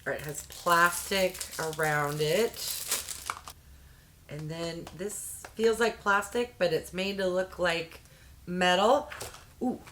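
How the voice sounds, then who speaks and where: A woman reviewing a beauty subscription box in a candid, chatty way with quick exclamations. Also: fairly low pitch, a bit bright, slight background noise. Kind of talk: casual unboxing chat.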